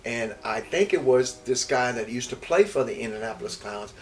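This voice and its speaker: This former ballplayer, an older Houston, Texas man, tells stories from his past during an interview at a moderate pace in a mid-range voice. His talk wanders, with repeated words and fresh starts, growing animated as events come back to him. The recording is distant, with a faint hum of background noise.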